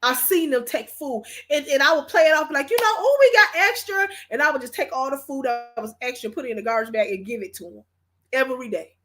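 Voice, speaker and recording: This livestream host from Michigan, USA, talks fast in a high, somewhat bright voice. In a casual stream she speaks emphatically to viewers, repeats herself, and comes across as emotional and preachy.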